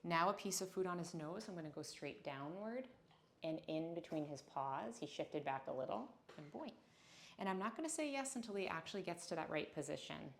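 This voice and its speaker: Gentle woman teaching dog yoga. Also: on the low side, lively intonation, fairly quick, a little hiss or hum. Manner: gentle, encouraging, praises her dog often. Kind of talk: instructional class talk. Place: indoors on a yoga mat.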